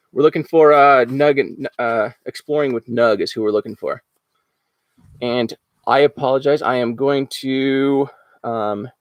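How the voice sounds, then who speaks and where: A man's voice: mid-range voice, no room sound. A man hosting a casual live-stream auction, talking in an upbeat, rambling way with lots of fillers. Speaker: livestream auction host. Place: outdoors at home after rain.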